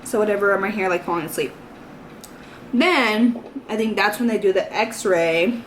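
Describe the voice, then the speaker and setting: A woman's voice: medium pitch, normal speed, slight background noise. A young woman vlogging in a casual storytime, rambling and chatty, filling her talk with "like" and "you know".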